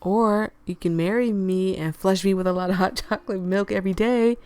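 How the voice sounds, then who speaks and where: A woman voicing a gentle, teasing young man from a game, in her own voice. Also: mid-range voice, steady tone, fairly quick, clear, resonant tone, dry recording, close to an everyday voice. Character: gentle, joking young man, childhood friend.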